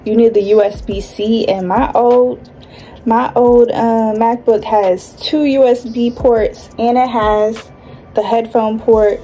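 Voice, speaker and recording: A woman's voice: fairly high pitch, steady tone, slow, mellow, slight background noise. A young woman with a light Southern accent, talking in a chatty, slangy, rambling way as she vlogs. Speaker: vlogger. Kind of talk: casual vlog chat.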